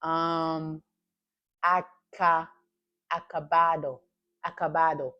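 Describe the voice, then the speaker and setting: Woman, stream host, casual chatty delivery, teasing and quick to laugh. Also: sits low, little pitch movement, clean tone, lo-fi sound. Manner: laughs often, playful and teasing with chat. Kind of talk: casual live-stream chat.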